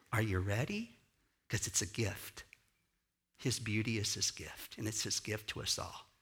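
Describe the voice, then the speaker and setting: Bright-toned man preaching. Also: fairly low pitch, fairly even intonation, breathy edge. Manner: storytelling, slows and softens for emphasis. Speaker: founder of a dance company, guest speaker. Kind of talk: inspirational sermon.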